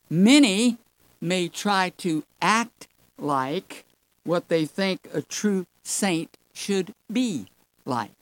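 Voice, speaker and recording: Slow deliberate preacher teaching sunday school, repeats words for emphasis, calls everyone folks, dry close sound. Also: medium pitch, animated, no echo, poor audio. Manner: addresses listeners as folks. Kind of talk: Bible teaching sermon.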